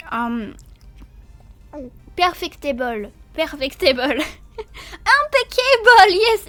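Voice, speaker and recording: A woman streamer with a very high voice chats to her viewers in a casual live stream. She talks slowly and giggles often, apologizing and stumbling over fillers as she eats and drinks between sentences. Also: a bit bright. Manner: talks while eating and drinking.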